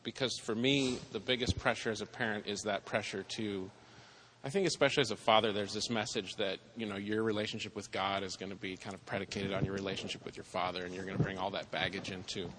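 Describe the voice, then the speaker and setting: A man's voice: fairly low pitch, little pitch movement, fast, a bit bright, big-room sound, a little hiss or hum. A father talking hesitantly about faith and parenting, searching for his words. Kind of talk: casual talk on faith and parenting.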